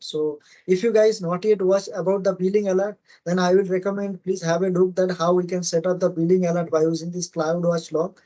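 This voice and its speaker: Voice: medium pitch, darkish tone, muffled recording. A speaker giving a casual screen-share tech tutorial, often checking in with the viewers. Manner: casual, often asks "right?" and addresses "guys". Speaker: cloud tech tutorial instructor.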